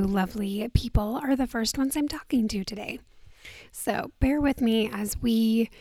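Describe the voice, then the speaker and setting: Soft-spoken woman with a groggy morning voice. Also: fairly high pitch, dry recording. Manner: soft-spoken, often drops to a breathy near-whisper. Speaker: podcast host. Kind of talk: casual podcast talk. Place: indoors on vacation. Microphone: handheld microphone.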